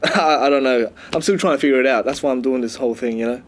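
A man's voice: medium pitch, quick pace. Rambling Australian-born comic man. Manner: laughing, rambling, swearing. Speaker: stand-up comedian.

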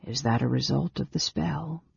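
A frail, bitter young mage man who whispers weakly through labored breath, as a reader acts him out. The voice is breathy and gravelly. It is recorded dry and dull. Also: a little high, moderate pace, no room sound, exaggerated voice. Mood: weak, whispering.

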